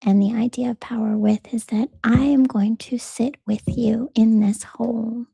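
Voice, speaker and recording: A woman hosts her own show in a personal, reflective monologue. Her voice is mellow and husky with a gravelly edge. The sound is dry and close. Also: fairly high pitch, steady tone, normal speed, no echo. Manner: earnest, conversational, storytelling with quoted voices. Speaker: podcast host.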